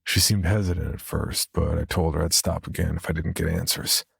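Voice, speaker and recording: A man narrating a first-person horror story in a steady, measured storytelling manner. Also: low voice, gravelly, breathy edge, no room sound.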